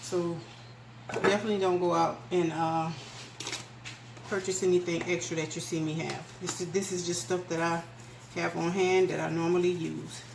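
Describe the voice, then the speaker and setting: This cooking channel host speaks in a lowish, creaky voice at a normal pace, with little rise or fall in pitch. She demonstrates a recipe in her small home kitchen, chatting to viewers in a folksy way while filming herself on the camera mic. Background noise and echo fill the room.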